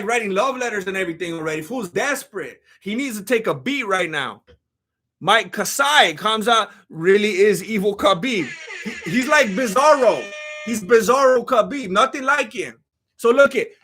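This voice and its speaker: A man doing casual, jokey live-stream commentary on fight news and thanking chat members. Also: high-pitched. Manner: animated, jokey, reads chat donations aloud.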